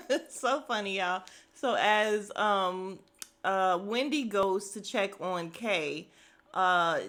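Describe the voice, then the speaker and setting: Recapping a reality show on her casual podcast, a young woman gets animated, laughs, swears and imitates the cast members. She has a mid-range, slightly bright voice.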